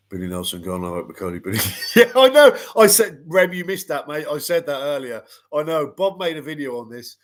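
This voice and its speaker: A man's voice: on the high side, very animated, normal speed. A middle-aged man, a boxing pundit ranting bluntly and swearing freely in casual panel chat.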